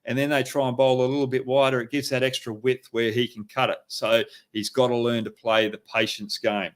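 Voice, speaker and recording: A middle-aged Australian man talks at an ordinary pitch for a man, breaking down play like a coach. He leans hard on his warnings and keeps his points plain, with frequent fillers as he thinks aloud. His voice sits in a middle register, neither deep nor high. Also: a little fast. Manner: animated, emphatic coaching talk with frequent fillers. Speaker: host. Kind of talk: live cricket analysis.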